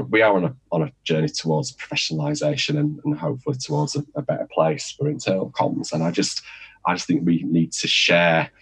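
A man with a very low voice and a husky edge. He speaks as a guest on a podcast panel, musing aloud and restarting his phrases as he works out what he means. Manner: thoughtful, repeats words while searching for them. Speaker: podcast guest, internal communications professional. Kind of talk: casual panel discussion.

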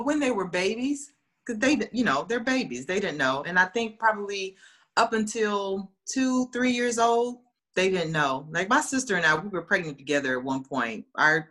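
A woman telling funny stories in a casual chat, acting out quoted voices. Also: on the low side. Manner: lively, animated, acts out quoted voices. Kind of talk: casual storytelling.

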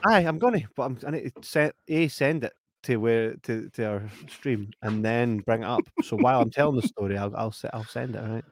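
A man's voice: mid-range voice, a little fast, few pauses. A man in casual chat, telling a story with lots of laughter and repeated "right?" checks.

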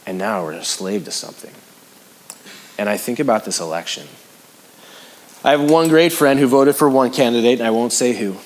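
A man delivers a sermon as casual, personal talk to a congregation. He keeps circling back to the same phrases, lifting his voice to press a point and then sinking to a quiet, grave register. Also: mid-range voice, expressive, moderate pace, pauses often, slight background noise. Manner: conversational preaching with sudden rises and hushed drops; repeats phrases for emphasis. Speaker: pastor.

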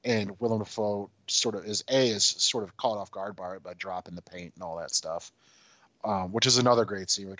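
A man chatting casually about a film, relaxed and hedging with "you know" and "sort of", swearing now and then. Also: on the low side, brisk, no echo. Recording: dull, dry lo-fi mic.

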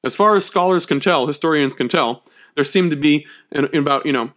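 A man's voice: fairly high pitch, brisk, fairly bright tone. A man giving a history lecture, emphatic and conversational, checking in often with his listeners. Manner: emphatic, checks in with frequent "okay?".

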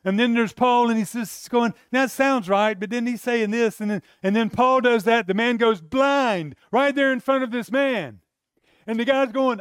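A man preaching a sermon to a congregation, telling Bible stories with animated delivery and acting out quoted voices. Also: extremely high pitch, moderate pace, smooth, no echo, clean studio sound.

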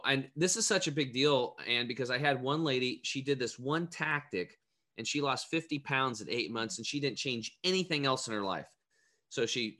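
A man talking as a health coach, telling animated stories in casual chat and acting out the voices he quotes. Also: medium pitch.

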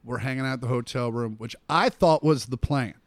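Speaking briskly in a mid-range voice, a middle-aged comedian on a laid-back podcast animates his stories by performing the quotes of their characters. There's no room sound in the recording.

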